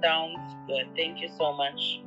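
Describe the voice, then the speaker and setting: An actress playing a relaxed, reassuring female boss calling an employee. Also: sits low, slow pace, muffled recording, faint music behind, heavily acted. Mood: easygoing. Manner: easygoing, reassuring. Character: easygoing female boss on the phone. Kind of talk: indie film acting.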